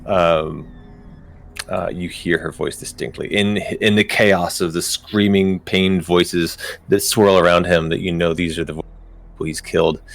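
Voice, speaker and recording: A man's voice: sits low, steady tone, unhurried, vocal fry. A man running a tabletop game as game master, casual and hesitant, with many ums and easy laughs.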